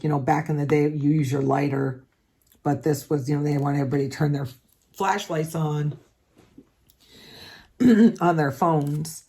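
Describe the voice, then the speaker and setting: Working on her diamond painting, the channel's host, a woman with a low, mellow voice, talks candidly and casually, swearing now and then.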